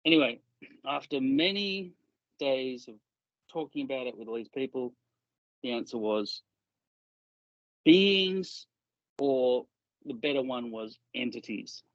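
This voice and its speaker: A man's voice: medium pitch, lively intonation, takes it slowly, long pauses, dry recording. Rambling man on a dull, dry podcast mic. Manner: rambling, swears often, laughs easily. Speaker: podcast co-host. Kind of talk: casual podcast chat.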